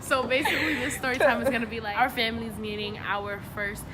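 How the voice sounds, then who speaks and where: Woman, fairly high voice, teasing interjections, crowd chatter behind. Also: fairly even intonation, fast. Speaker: vlog co-host. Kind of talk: casual storytime chat.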